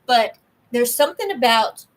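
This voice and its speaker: A woman in her thirties co-hosting a podcast in casual chat, an animated storyteller who acts out other people's voices. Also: fairly high pitch, normal speed, rough recording. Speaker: podcast co-host.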